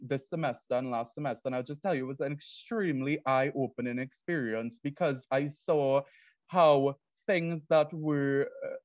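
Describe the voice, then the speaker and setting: A man's voice: mid-range voice, dry recording, lo-fi sound. Earnest young Trinidadian man presenting. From Trinidad and Tobago. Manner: earnest, explanatory. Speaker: student presenter. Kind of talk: academic presentation.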